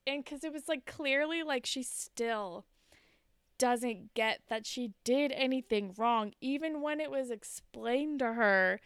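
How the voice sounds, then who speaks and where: A woman's voice: fairly high pitch, clear, resonant tone, no room sound, clean studio sound. A woman co-hosting a podcast, chatting casually as she recaps an episode and acts out the characters' lines. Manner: animated, acts out quotes from the episode. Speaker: podcast co-host.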